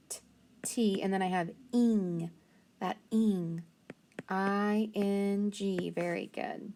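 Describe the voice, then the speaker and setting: Slow, patient woman teaching spelling. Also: medium pitch, a little mellow. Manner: slow, patient, sounding out letters. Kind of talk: phonics and spelling lesson.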